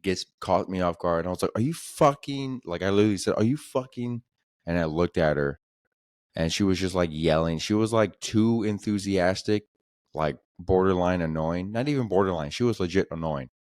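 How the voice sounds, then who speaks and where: A man's voice: deep voice, brisk, darkish tone, no room sound, studio quality. A man hosting a podcast, telling comedic stories in a casual, profane, slangy way that keeps coming back to "dude". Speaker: podcast host.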